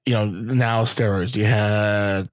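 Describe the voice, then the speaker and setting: Male podcast host, slightly low voice, halting interviewer with restarts, dry close sound. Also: fairly even intonation, no echo. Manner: halting questions with many restarts. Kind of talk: casual podcast conversation.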